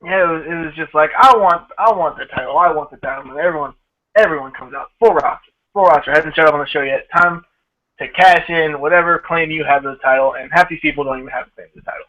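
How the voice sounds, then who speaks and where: A man co-hosts a casual podcast and throws in quick, offhand remarks. He talks fast, in a fairly high voice. His audio sounds dull and lo-fi, like a remote connection.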